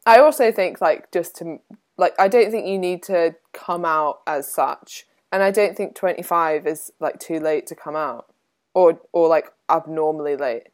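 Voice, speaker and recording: Young woman telling a story on a chat podcast, says like a lot, lowish voice. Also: unhurried. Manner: chatty, lots of "like", animated retelling. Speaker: podcast co-host.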